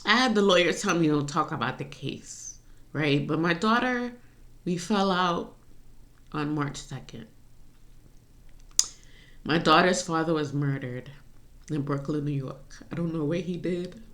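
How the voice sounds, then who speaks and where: Woman ranting on her vlog, deep-ish voice, slow, rambly and emotional. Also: a bit bright. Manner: rambling, confessional, laughs through tears. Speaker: vlogger.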